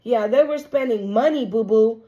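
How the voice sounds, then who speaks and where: A woman's voice: fairly high pitch, mellow, highs cut off. A woman doing a casual tarot reading for her viewers, emphatic and profane. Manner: emphatic, profane, slow and drawn out. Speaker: tarot reader.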